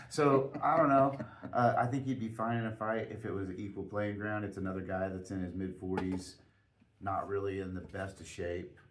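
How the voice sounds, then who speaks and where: A man's voice: low voice, little pitch movement, moderate pace, noisy background. A man co-hosting a podcast, making dry, teasing remarks in casual chat.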